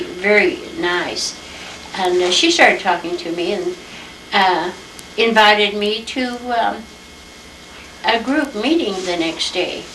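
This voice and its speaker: Older woman, unhurried chatty storyteller; distant mic in a roomy home. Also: medium pitch, a bit bright, slight background noise. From Iowa, USA. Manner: unhurried, chatty, acts out old conversations. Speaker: interviewee telling family history. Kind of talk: reminiscing storytelling.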